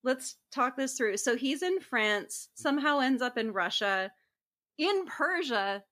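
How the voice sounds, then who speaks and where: A woman's voice: high voice, animated, unhurried, fairly bright tone. A woman co-hosting a podcast who chats casually, making wry, sarcastic remarks and swearing offhandedly. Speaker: podcast co-host. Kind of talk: casual chat.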